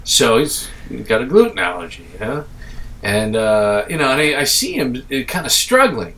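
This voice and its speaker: Middle-aged new guy rambling and swearing, kinda high voice, sitting back from the mic. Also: big pitch swings, a little fast, fairly bright tone, recorded from a distance. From Staten Island. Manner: profane, rambling storytelling. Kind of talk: casual podcast chat.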